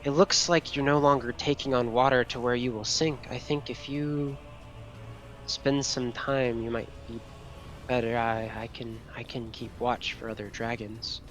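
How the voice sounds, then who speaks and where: A man voicing a weary, courteous male dragon in a tabletop game, speaking in formal, halting sentences. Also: mid-range voice, little pitch movement, fairly bright tone, faint music behind, natural voice. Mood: gracious. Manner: formal, halting, grateful speech. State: exhausted. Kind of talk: tabletop game role-play.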